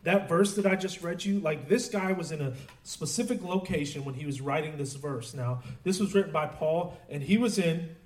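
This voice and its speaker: A man preaching a sermon in a relaxed, conversational way, with many fillers and restarts. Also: fairly high pitch, normal speed. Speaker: pastor. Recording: roomy echo, voice from a distance.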